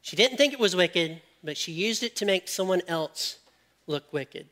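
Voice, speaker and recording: Male preacher, sermon, high voice, bright tone, animated, quiet probing questions. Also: moderate pace. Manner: animated, jokes with the audience, drops to quiet questions.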